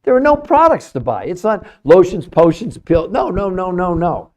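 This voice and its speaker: A man's voice: high-pitched, very animated, moderate pace. A middle-aged man hosting a live stream, talking to chat viewers in an emphatic, salesy way and repeating his points for effect. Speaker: livestream host, nutrition researcher.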